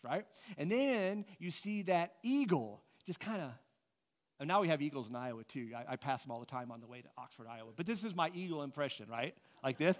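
A middle-aged man leads a casual adult class. He talks in a fairly high voice, thinks out loud and keeps questioning his listeners. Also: lively intonation, fairly quick.

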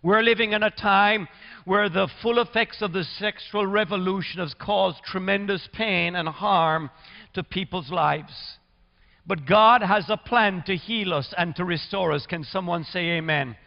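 A man's voice: high voice, a little slow, vocal fry. A male pastor from Canada introducing a guest speaker to his congregation in a formal pulpit manner, calling for amens. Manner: warm formal pulpit introduction with amen calls. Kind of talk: sermon introduction. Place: church sanctuary. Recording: dull reverberant church recording.

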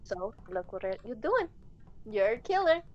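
A woman's voice: on the high side, very animated, moderate pace, highs cut off. A woman playing an online game with friends, chatting playfully and teasing. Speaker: player. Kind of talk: casual gaming chat.

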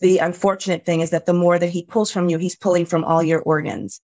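A woman's voice: lowish voice, fairly even intonation, a little fast, dark tone, dry recording. A middle-aged woman telling a personal story as a podcast guest, earnest and emotional.

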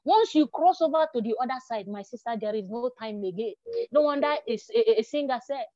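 A woman's voice: on the high side, expressive, fairly quick, warm tone, dry recording, lo-fi sound. A woman preaching a sermon, earnest and repetitive, praying aloud between points.

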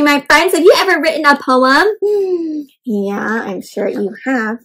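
Animated woman reading to kids. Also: high voice, moderate pace, rough recording. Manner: animated, gasping, asks children questions. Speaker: children's storyteller. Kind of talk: interactive read-aloud for kids.

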